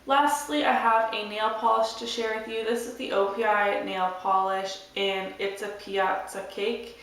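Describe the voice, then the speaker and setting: A young woman chatting to camera about her monthly favourites, hoarse and losing her voice, rambling in a relaxed way. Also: medium pitch, unhurried. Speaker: beauty vlogger. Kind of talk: casual chat to camera. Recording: echoey room, mic at a distance.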